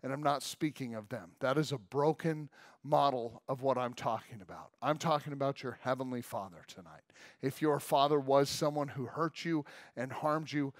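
A man preaching a sermon to his church in a casual, emphatic way, often saying "like" and swinging between loud and soft. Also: medium pitch, normal speed, dry recording, studio quality. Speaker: pastor. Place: church service room.

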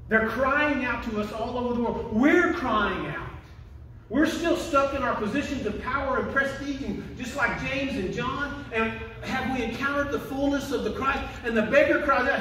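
A man preaching a sermon as pastor, emphatic and building to shouted quotations. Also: very high voice, animated, normal speed, a little hiss or hum. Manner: emphatic preaching, rising to shouts when quoting. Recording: echoey, distant room mic.

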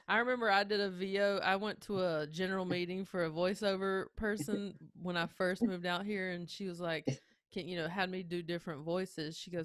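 A woman with a deeper voice, hosting a casual interview and joking along with her guest. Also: fairly even intonation, a little fast, no room sound, studio quality. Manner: laughs easily, jokes along. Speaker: host.

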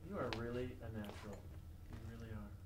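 A man's voice: medium pitch, fairly even intonation, fast, far from the mic, close to an everyday voice. Brief: man playing a frazzled, cajoling director, heard from afar in an echoey, noisy room. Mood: coaxing. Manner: cajoling, flustered, calls action and cut. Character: harried, coaxing film director. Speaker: film director.

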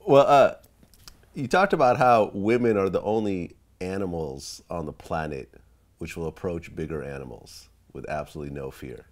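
A man's voice: low voice, moderate pace. A man interviewing a comedian, prompting him with cues to old stories and laughing along. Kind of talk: interview questions.

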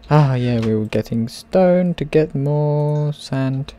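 Man, gameplay commentary, playful, rambling, unhurried delivery, warm low-key tone. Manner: playful, rambling, talks to game characters. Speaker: gaming channel host.

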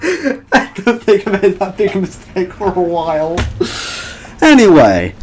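A man's voice: high voice, lively intonation, moderate pace. A man doing casual gameplay commentary, joking and rambling and swearing often.

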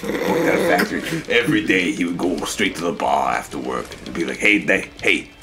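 A man's voice: very deep voice, very animated, fairly quick, gravelly, over music. A man co-hosting a let's play, rambling through absurd swearing tall tales and laughing. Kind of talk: comedic storytelling while gaming.

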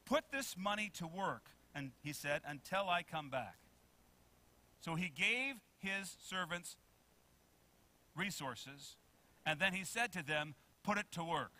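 Bright-voiced preaching man. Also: expressive, slow pace. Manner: preaching with many questions to the congregation; swings between loud emphasis and soft low asides. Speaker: pastor. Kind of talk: sermon.

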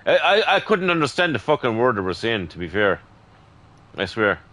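A man's voice: mid-range voice, big pitch swings, normal speed, a bit bright, no echo. A man with an Irish accent, a gaming streamer chatting casually with another player, joking boisterously and swearing freely. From Ireland. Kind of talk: casual voice chat while gaming.

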